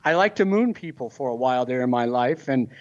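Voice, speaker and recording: A man's voice: mid-range voice, expressive, a little fast. A man co-hosting a casual podcast, blunt and brash in his jokes. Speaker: podcast co-host. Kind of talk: casual chat.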